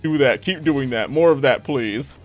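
A young man giving lively gameplay commentary, talking to the game characters with frequent exclamations. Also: medium pitch, normal speed, faint music behind. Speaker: gaming YouTuber.

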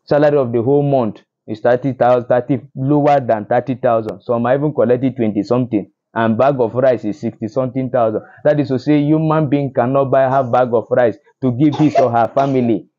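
A man's voice: medium pitch, steady tone, a little fast, few pauses, lo-fi sound. A man from Nigeria with a Nigerian Pidgin English accent, delivering indignant social media news commentary, often repeating himself and restarting words. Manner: indignant, repetitive, stumbling restarts.

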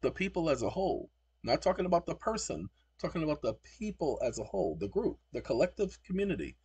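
Man, husky voice, fairly high pitch, dry sound, combative lecturing host. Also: very animated, fast, darkish tone, dry recording. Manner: combative, lecturing, spells words out letter by letter. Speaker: channel host. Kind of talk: commentary on screen recording.

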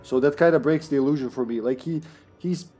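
A man's voice: medium pitch, dark tone. A man streaming a co-op game, chatting casually and joking with friends. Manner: joking, laughs often, quick asides. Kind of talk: casual gaming chat.

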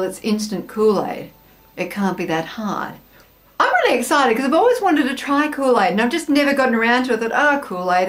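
A woman's voice: high-pitched, a bit bright. An Australian woman hosting a snack taste-test vlog, chatting to camera in a bubbly, self-mocking way. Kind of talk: casual chat to camera.

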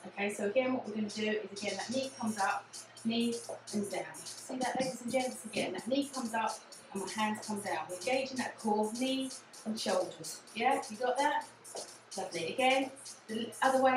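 Breathless woman fitness instructor, echoey. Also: on the high side. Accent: English. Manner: encouraging, repeats cues like "again" and "yeah". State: out of breath at times. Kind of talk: guided exercise class. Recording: echoey room, distant mic, music. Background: music playing.

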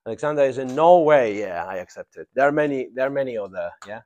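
A man's voice: medium pitch, animated, darkish tone, lo-fi sound. Man teaching an English grammar class. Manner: drawn-out emphatic prompting of students.

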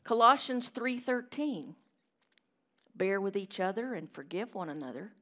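A woman's voice: medium pitch, lively intonation, unhurried. Woman, middle-aged, preacher, sermon, storytelling, church chapel. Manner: storytelling, shifts between loud emphasis and hushed asides.

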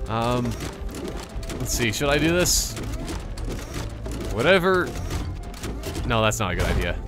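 A man's voice: medium pitch, sing-song, slow pace, music in the background. A man giving casual, joking commentary over a video game, rambling and exclaiming often. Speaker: gaming channel host.

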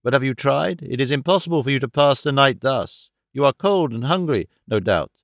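A man voicing a kindly old woman who gently questions a stranger in a storybook reading. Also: medium pitch, expressive, moderate pace, vocal fry, no room sound, studio quality. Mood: urging.

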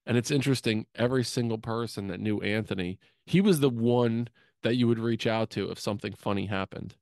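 A man with a lowish voice shares affectionate, humorous memories as a eulogy on his podcast. He speaks into a studio mic, and the sound is close and dry with no room echo. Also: a little fast, vocal fry, a little mellow. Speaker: podcast co-host. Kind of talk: eulogy told as personal stories.

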